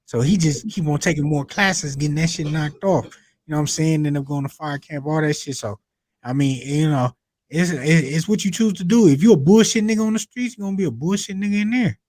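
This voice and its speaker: A man's voice: fairly high pitch, a little fast, darkish tone, dry recording. A man telling a story in a casual conversation, loose and profane.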